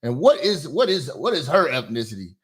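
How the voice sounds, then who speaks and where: A man giving loud, profane reaction commentary that keeps bursting into shouts. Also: on the high side, sing-song, fairly quick, husky.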